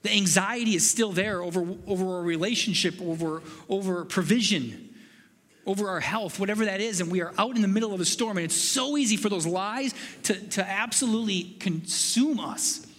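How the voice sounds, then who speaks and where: A man preaching with a high, light voice that rings through a reverberant hall. He speaks earnestly and piles up questions with growing urgency. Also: normal speed, a bit bright. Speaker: pastor. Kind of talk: sermon.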